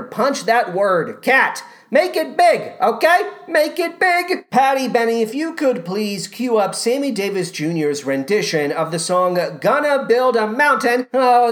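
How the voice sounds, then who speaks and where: Wry male podcast host. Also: high-pitched. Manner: wry, sardonic, theatrical asides. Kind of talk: scripted podcast commentary.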